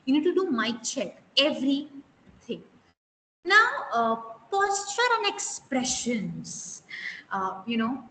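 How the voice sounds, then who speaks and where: In an echoey room with long reverb and faint hiss, a woman teaches an online interview skills class live, emphasizing key words and putting questions to her students. She works as a soft skills interview trainer, and her high voice sounds a bit bright.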